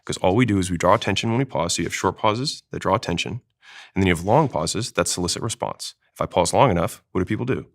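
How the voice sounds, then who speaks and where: A man talking fast as a sales trainer, explaining with examples in an interview. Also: low-pitched, gravelly. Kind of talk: casual interview talk.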